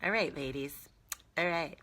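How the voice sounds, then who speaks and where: Jersey woman host, bright forceful voice, blunt and jokey, casual live chat. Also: low voice, moderate pace, a little hiss or hum. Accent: New Jersey. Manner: candid, jokey, blunt, sometimes profane.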